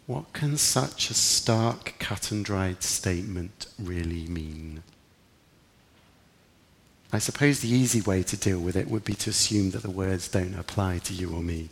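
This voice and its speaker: Man, preacher, sermon, earnest, reflective, gravelly voice, long church reverb. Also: deep voice, a little slow. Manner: earnest, reflective, rising with emphasis in quoted prayers.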